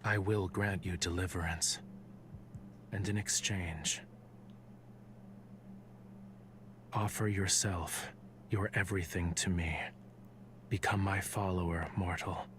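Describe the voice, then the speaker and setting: An actor playing a proud, teasing young male Lemurian in a game, with a low, soft, spellbinding voice and a commanding manner. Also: fairly even intonation, a little slow, background noise. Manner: haughty, commanding. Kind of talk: game voice acting.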